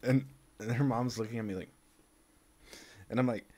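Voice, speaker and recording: A man's voice: medium pitch, fairly even intonation, normal speed, darkish tone. A man telling a rambling comic story, acting out both sides of each exchange in exaggerated voices and laughing at his own tale. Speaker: video creator.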